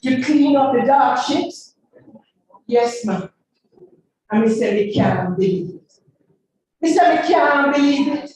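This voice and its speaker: A woman's voice: high voice, slow, pauses often, darkish tone, slight background noise. A woman with a Jamaican accent chanting a dub poem emphatically, then moderating a session. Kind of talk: rhythmic dub poetry recitation, then moderating. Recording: echoey hall, voice from far off.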